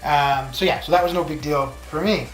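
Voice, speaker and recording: A man's voice: a little high, brisk, a bit bright. A man streaming a game, chatting casually and telling stories in a rambling, chatty way with many restarts. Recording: roomy with background music. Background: stream background music.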